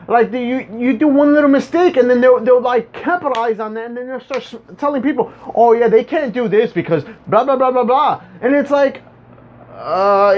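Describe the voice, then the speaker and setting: A vlogger ranting casually to viewers, rambling and stumbling over repeated words with a sarcastic edge. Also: medium pitch. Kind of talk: casual monologue rant. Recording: dull lo-fi recording.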